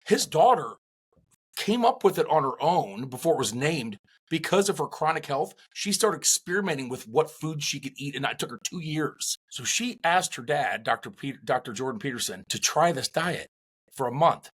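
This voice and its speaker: Husky-voiced middle-aged podcast co-host, slightly high, rambling with restarts. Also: male voice, moderate pace. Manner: animated, rambling with many restarts. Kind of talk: casual chat.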